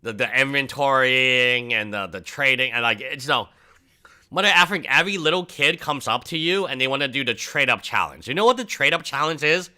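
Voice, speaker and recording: Bright-voiced man rambling on a livestream. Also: fairly quick. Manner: rambling, animated, mocks people in high voices. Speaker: livestream host. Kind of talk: casual livestream chat.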